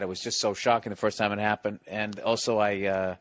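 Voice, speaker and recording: A man's voice: lowish voice, brisk, few pauses, dry recording. Male comedian guest, salty anecdotes, acts out every quote, dry close sound. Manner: profane, animated storyteller who acts out quotes. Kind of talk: casual storytelling on a talk show.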